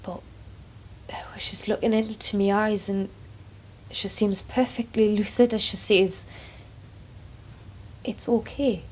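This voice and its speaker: A woman, performing a dramatic monologue as a care worker who shifts between quiet asides and excited outbursts. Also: mid-range voice, measured pace.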